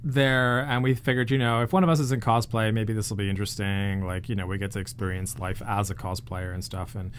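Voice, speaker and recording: A man's voice: lowish voice, little pitch movement, a little fast, hardly any pauses, slight background noise. A man co-hosting a casual podcast, rambling with lots of fillers and frequent laughs. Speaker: podcast co-host. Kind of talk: casual chat.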